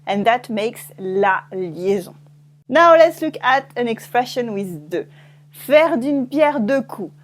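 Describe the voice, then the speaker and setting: Slow French-accented woman teaching. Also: on the high side, expressive. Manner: slow, careful pronunciation drills, repeating each word. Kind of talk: scripted language lesson.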